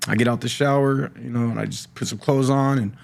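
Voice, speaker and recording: Middle-aged man, gravelly voice, personal testimony, halting speech, repeats words. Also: mid-range voice, steady tone, darkish tone. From California. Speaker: podcast guest sharing recovery story. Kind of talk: personal testimony, casual talk.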